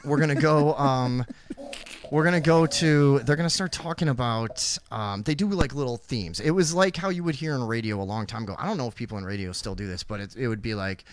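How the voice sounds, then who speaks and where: A man's voice: medium pitch, fairly quick, a little hiss or hum. A male podcast host in casual chat, mocking and sarcastic, with lots of fillers and restarts.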